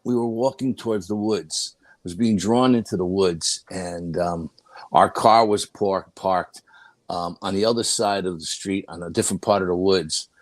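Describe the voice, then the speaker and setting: Older man with a deep voice, rambling tale. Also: normal speed, no room sound. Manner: rambling, full of "you know" and restarts. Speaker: paranormal investigator guest. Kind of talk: casual storytelling.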